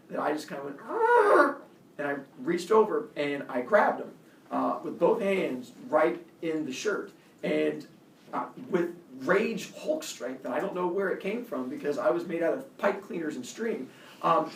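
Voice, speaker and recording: A man casually telling a personal story as a podcast host, animated, acting out quotes with loud jumps. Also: fairly high pitch, creaky, a little hiss or hum. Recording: echoey room, mic at a distance.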